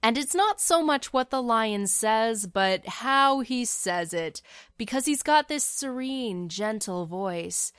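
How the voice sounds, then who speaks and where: A woman's voice: medium pitch, fairly bright tone, clear, resonant tone, no room sound, clean studio sound. A woman casually narrating a fan story in a chatty, wry way, with the odd filler.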